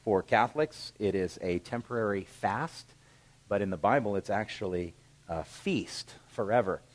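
A middle-aged man preaches a sermon in a somewhat low voice. He reads scripture aloud, then breaks it down in plain, conversational talk, like a pastor speaking to his church. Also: animated, moderate pace, poor audio.

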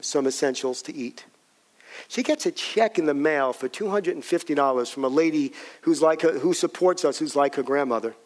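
A middle-aged male pastor preaching a sermon, telling stories animatedly and repeating key lines for emphasis. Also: sits high.

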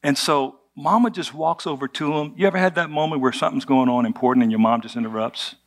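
A man's voice: mid-range voice, fast. A man preaching a conversational sermon, telling the story with humor and asking the audience rhetorical questions. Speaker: pastor.

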